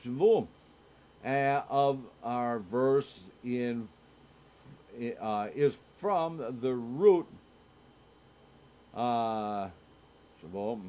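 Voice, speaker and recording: A man teaching a Torah study, slowly reading verses and commentary aloud with frequent pauses and fillers. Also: mid-range voice, dark tone, muffled recording. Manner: slow, halting reading with many filler sounds. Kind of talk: reading and explaining scripture. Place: synagogue.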